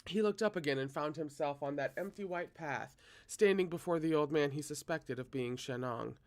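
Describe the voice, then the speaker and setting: A man's voice: fairly high pitch, moderate pace. Man reading a novel aloud. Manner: steady, occasional self-corrections. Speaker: reader.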